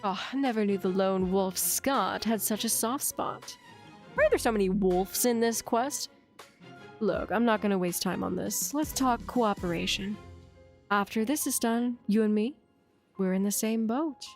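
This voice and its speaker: A woman's voice: medium pitch, a little slow, faint music behind, natural voice. A woman voicing a cool, scheming female spy with a teasing manner. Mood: mocking.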